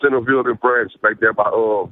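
A man's voice: lowish voice, fairly even intonation, a little fast, no echo. A man with a south Louisiana accent calling in to a radio show, talking in a rambling, folksy way over a tinny phone line. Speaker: caller.

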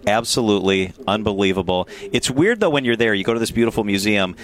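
A man's voice: on the low side, expressive, a bit bright. A man hosting a radio talk show, chatting casually and with enthusiasm. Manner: enthusiastic, quick to agree. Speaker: radio host.

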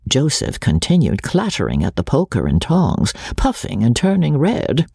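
A narrator reading a classic novel aloud, expressive with ironic asides. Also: mid-range voice, moderate pace, vocal fry, hardly any pauses, slightly rough, no room sound, clean studio sound. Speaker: audiobook narrator.

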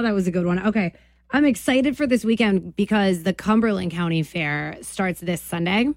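A woman's voice: mid-range voice, no echo, clean studio sound. A woman hosting a morning radio show, chatting casually, laughing often and poking fun at herself. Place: radio studio.

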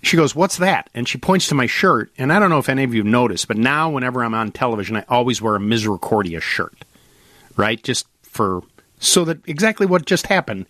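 Middle-aged man telling an animated story. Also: medium pitch, a little fast, no echo, studio quality. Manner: animated storyteller, acts out quotes. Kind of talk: casual chat, storytelling.

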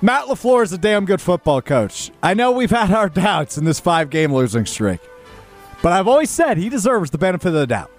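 A man's voice: high voice, big pitch swings, brisk, soft background music. A man hosting a sports radio show, talking in an emphatic, opinionated and conversational way.

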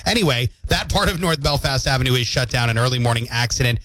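Lively playful male radio host. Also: medium pitch, quick pace. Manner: playful, jokey, reads listener comments aloud. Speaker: radio morning show host. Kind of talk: casual radio banter and news updates. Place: radio studio. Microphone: studio microphone.

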